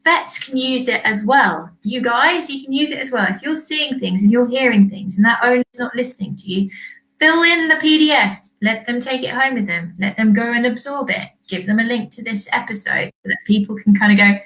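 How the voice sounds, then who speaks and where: Bright-voiced woman vet hosting. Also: a little high, a little fast, rough recording. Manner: animated, acts out owners and herself in quoted asides. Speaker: vet and podcast host. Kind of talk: casual conversational discussion.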